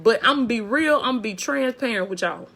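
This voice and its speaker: A woman's voice: fairly high pitch, lively intonation, fast, fairly bright tone. A woman preaching a motivational sermon on a phone video, fervent, repeating phrases and calling out to her listeners.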